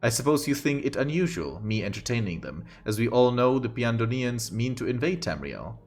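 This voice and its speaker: A man's voice: mid-range voice, very animated, a little fast, faint music behind, voice pushed up. A man voicing a silky, scheming queen. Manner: silky, haughty, mock-polite. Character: scheming regal queen mother, woman.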